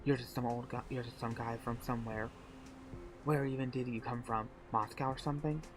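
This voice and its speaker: A man's voice: mid-range voice, fairly even intonation, brisk, close to an everyday voice. A man voicing a wary, blunt young woman gunslinger, in his own everyday voice. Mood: accusing.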